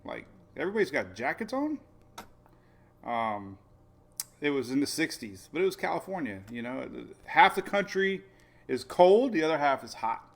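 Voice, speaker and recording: A middle-aged man hosting a casual weather livestream, rambling excitedly and laughing often. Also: a little high, moderate pace, creaky. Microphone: phone or webcam on a live video stream.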